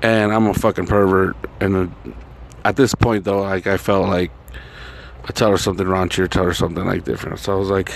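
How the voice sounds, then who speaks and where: A man's voice: low voice, flat delivery, fairly quick, gravelly, a little hiss or hum. A man casually telling a rambling personal story, swearing constantly and filling gaps with "like" and "you know". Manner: rambling, profane, heavy filler words.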